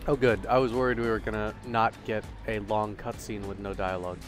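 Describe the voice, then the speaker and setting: A man's voice: on the low side, flat delivery, a little fast, faint music behind. A man co-commenting on a video game with dry, sarcastic quips. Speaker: let's play co-commentator. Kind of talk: casual gameplay commentary.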